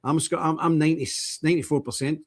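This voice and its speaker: A man's voice: on the high side, fairly even intonation, quick pace. A man, hosting a livestream, chatting in a proud, emphatic way. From Northern Ireland. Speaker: livestream host. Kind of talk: casual commentary. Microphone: streaming mic.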